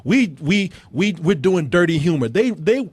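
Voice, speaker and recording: A man hosting a film review podcast, talking in casual chat, excitable and laughing often, with many restarts. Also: high voice, moderate pace, husky.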